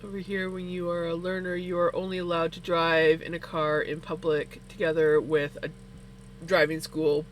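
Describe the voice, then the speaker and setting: A woman hosting a casual livestream, chatting while she knits and telling stories with lots of laughter. Her voice shoots up high when she gets excited. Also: normal speed, slight background noise, poor audio. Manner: animated storyteller, laughs often, voice climbs high when excited. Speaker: livestream host. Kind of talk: casual chat while knitting on stream.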